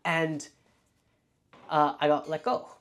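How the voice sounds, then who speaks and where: A young man talking casually to camera as a vlog host, telling animated stories and acting out his past thoughts, with lots of "like.". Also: fairly high pitch, slow. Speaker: freelance marketer and video host.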